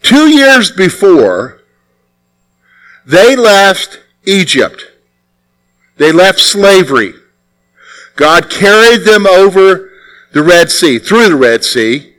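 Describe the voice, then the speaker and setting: A man preaching a sermon in an animated, conversational way, often putting rhetorical questions to his listeners. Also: high-pitched, slow pace, pauses often, low-quality recording.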